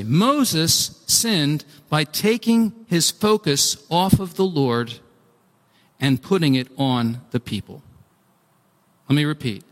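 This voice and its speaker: A man preaching a sermon, animated and acting out pleas, with frequent restarts. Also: on the high side. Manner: animated, acts out pleading voices, restarts often. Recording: long hall reverb.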